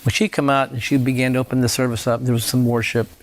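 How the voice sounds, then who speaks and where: A man's voice: medium pitch, level tone, quick pace. A man giving a personal testimony in an interview, telling it as a conversational storyteller who often repeats his words. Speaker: faith healer telling his story as a guest.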